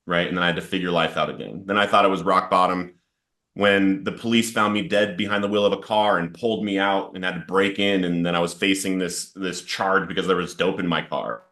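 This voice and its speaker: Low-voiced man telling his recovery story. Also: steady tone, brisk, a bit bright. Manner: earnest, storytelling with rising intensity in quoted outbursts. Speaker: podcast guest sharing recovery story. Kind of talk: emotional personal testimony.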